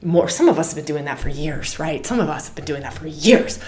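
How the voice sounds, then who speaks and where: Lively woman podcast host, roomy sound. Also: low voice, brisk. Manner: animated, repeats phrases for emphasis. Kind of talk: casual spiritual talk. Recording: roomy echo.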